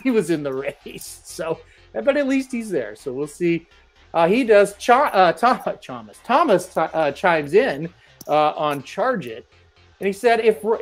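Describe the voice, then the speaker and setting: A man hosting a horse racing show, reading out viewer comments in a casual, chatty way and joking as he goes. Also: sits high. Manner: joking, chatty, laughs between remarks.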